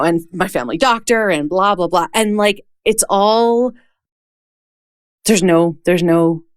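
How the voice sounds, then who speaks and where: A woman's voice: mid-range voice, clear, resonant tone, no echo. Effusive woman podcast host, dry sound. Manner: effusive and chatty, quick to laugh. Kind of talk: casual interview chat.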